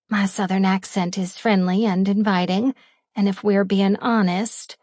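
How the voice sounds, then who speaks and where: Woman reading a romance audiobook, slow and playful, dry close sound. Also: medium pitch, darkish tone, no echo. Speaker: audiobook narrator. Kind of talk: first-person romance audiobook narration.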